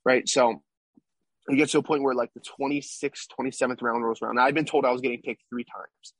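A man's voice: mid-range voice, level tone, a little fast, a bit bright, breathy edge, dry recording. A young man, a baseball player, recounting his past as a guest in a casual interview, rambling and tagging lines with "right?". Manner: rambling, tag questions like "right?".

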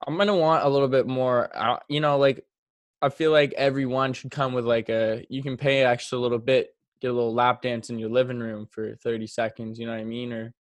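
A man's voice: medium pitch, flat delivery, brisk, dry recording. Young male podcast co-host, crude and rambling, dry mic. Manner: crude, joking, rambling with restarts. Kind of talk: casual chat.

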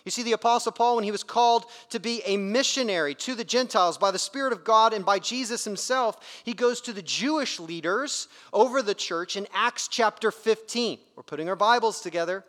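Bright-voiced preacher in a reverberant hall. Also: male voice, sits high, fairly quick, hardly any pauses. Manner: emphatic, conversational preaching with sharp shifts in loudness. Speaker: pastor. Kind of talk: sermon.

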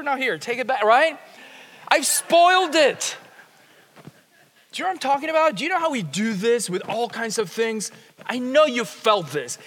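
A man preaching a sermon as pastor, shifting between hushed, quiet passages and emphatic, rising ones. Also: very high voice, in a large hall. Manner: dynamic, swings from hushed to emphatic.

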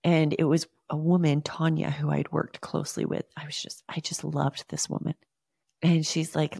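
A woman's voice: sits low, moderate pace, creaky, darkish tone, no echo, clean studio sound. A woman in her thirties from Utah, hosting a podcast and telling a personal story in an earnest, emotional way, often calling her listeners "guys". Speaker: podcast host.

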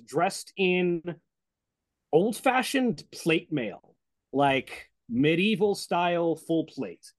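A man's voice: on the high side, no room sound. Man narrating as game master. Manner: descriptive, unhurried with many fillers.

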